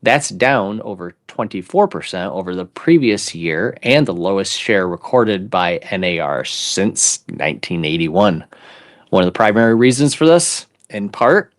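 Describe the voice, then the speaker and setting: A man in his fifties with a deep, low voice co-hosts a relaxed chat. He reads articles aloud in a mock announcer voice and breaks off now and then to joke with his co-host. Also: a little slow. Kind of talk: casual chat and read-aloud.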